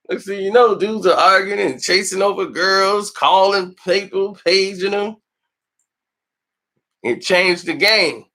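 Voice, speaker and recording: This film review host has a high-pitched, pushed, bright voice and talks slowly with frequent pauses. In a casual chat he laughs a lot, tells stories animatedly, and voices quotes in exaggerated put-on tones.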